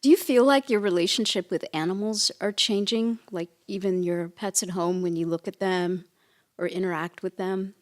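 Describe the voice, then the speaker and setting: A woman's voice: medium pitch, steady tone, normal speed. A woman co-hosting a casual podcast, playful and full of curious questions. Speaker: podcast co-host and medium. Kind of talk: casual chat.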